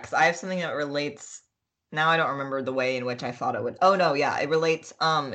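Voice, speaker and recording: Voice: mid-range voice, a bit bright. A podcast co-host chatting casually, rambling, giggling and trailing off while searching for words. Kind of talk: casual chat.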